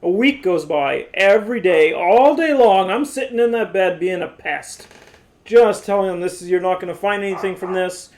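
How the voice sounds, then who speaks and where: Young man, high voice, animated exasperated storyteller, casual vlog chat. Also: moderate pace. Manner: animated, exasperated retelling with many "like"s. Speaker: vlogger telling his story.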